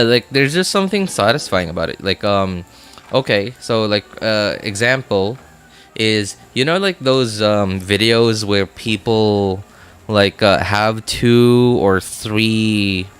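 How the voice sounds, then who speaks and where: A man's voice: fairly low pitch, fairly bright tone, clear, resonant tone. A man streaming a video game, talking casually in a rambling way full of filler words and often laughing at himself. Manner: self-amused, laughs often. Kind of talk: casual chat while gaming.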